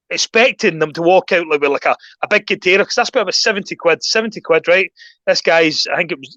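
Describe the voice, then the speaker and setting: A Scottish man telling stories in a casual chat, getting animated and raising his voice when he rants. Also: a little high, dry recording, highs cut off. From Scotland. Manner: animated storyteller, voice jumps up when ranting. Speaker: guest.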